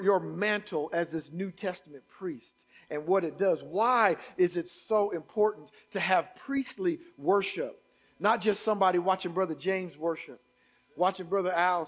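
High-voiced man preaching a fervent sermon. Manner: rising to shouted exhortation, repeating phrases. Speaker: pastor.

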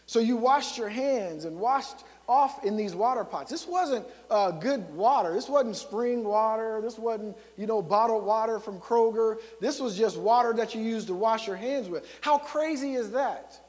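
A man's voice: high-pitched, measured pace, hardly any pauses, a little mellow, long reverb tail. A man preaching a sermon as a pastor, conversational and storytelling, driving points home with emphatic repetition.

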